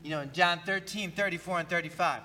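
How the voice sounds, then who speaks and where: A man's voice: high-pitched, fast, sharp tone, poor audio. A male pastor preaching a conversational sermon in church, talking casually, often repeating words and asking the congregation questions.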